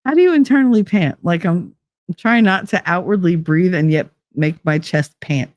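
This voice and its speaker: A woman's voice: on the low side, moderate pace, darkish tone, no room sound, muffled recording. A woman with a New Jersey accent hosting a livestream, chatting casually with viewers in a blunt, profane, rambling way. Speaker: livestream host. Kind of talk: casual chat with live viewers.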